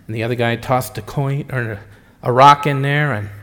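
A man's voice: mid-range voice, steady tone, normal speed, pushed and bright. A middle-aged man preaching, a pastor telling jokes in a rambling, chatty way that keeps interrupting itself. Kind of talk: sermon with jokes. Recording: echoey church hall.

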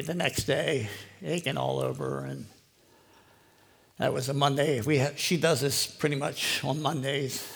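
A man's voice: mid-range voice, creaky, husky. An older man giving a rambling, conversational personal testimony to a live audience, heavy with "you know". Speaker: lay preacher giving a testimony.

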